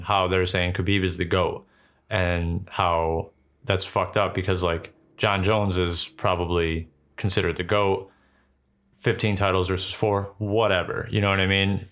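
A young man co-hosting a podcast in casual, profane chat, quick to laugh. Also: low voice, a bit bright. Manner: loose and profane, laughs easily. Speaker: podcast co-host.

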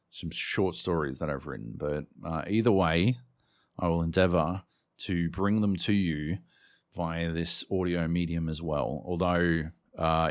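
A man hosting a podcast and talking off the cuff about his story, rambling and halting, with casual swearing. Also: sits low. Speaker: podcast host and author.

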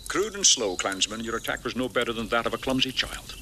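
A man's voice: mid-range voice, big pitch swings, a little fast, background noise. An actor playing an older immortal swordsman mentor with a Scottish accent, lofty and scornful. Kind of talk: film dialogue.

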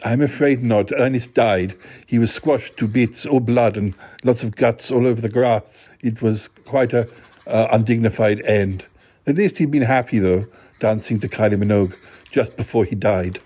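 A man hosting a podcast who tells a comic bedtime story in a deadpan, rambling way, full of halting restarts. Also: mid-range voice, breathy edge. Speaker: podcast host. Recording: dull lo-fi recording.

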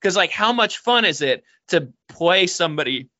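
A man as a podcast guest in casual chat, excitable, swearing and full of fillers. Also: high-pitched, normal speed, lo-fi sound.

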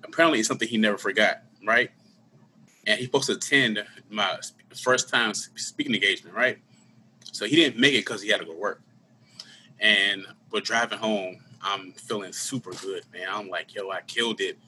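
A man's voice: lowish voice, moderate pace, sharp tone, slight background noise. A man talking candidly and earnestly about his own life in a casual conversation, full of slang. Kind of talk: casual conversation, personal storytelling.

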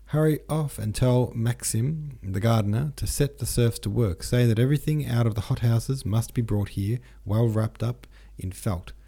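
A man's voice: mid-range voice, moderate pace, creaky, few pauses, warm tone, husky. A man reading an audiobook, voicing a fussy, flustered old count who gives orders with many exclamations.

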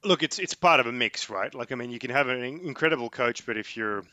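Bright-voiced man, hesitant. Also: mid-range voice, animated, quick pace, dry recording. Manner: hesitant, many fillers and restarts. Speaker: podcast co-host. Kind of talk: casual sports chat.

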